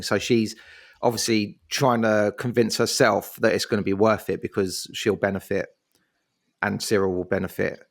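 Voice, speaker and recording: A man's voice: lowish voice, little pitch movement, moderate pace, gravelly. A man, co-hosting a podcast in a jokey, casual chat and acting out scenes in silly voices. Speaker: podcast co-host.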